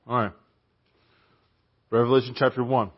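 A man preaching a sermon in a conversational, animated way, sometimes dropping to a hushed softness. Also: medium pitch, moderate pace. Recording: dull, lo-fi church recording.

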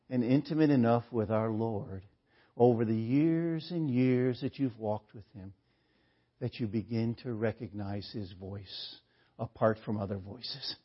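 Man, preacher, sermon, earnest rhetorical questions, husky voice, dull lo-fi recording. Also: mid-range voice.

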